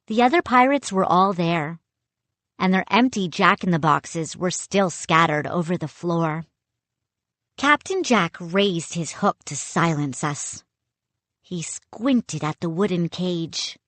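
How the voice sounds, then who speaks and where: A woman narrating a spooky children's audiobook in an expressive, dramatic first-person reading. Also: fairly low pitch, slow pace, dry recording. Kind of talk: scripted storybook narration.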